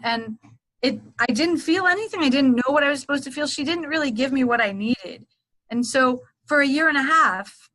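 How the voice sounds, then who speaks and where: Middle-aged lady guest telling a story, kinda high voice, acts out the back-and-forth. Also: poor audio. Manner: animated, acts out past dialogue. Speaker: Reiki teacher and author, guest. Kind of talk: casual storytelling interview.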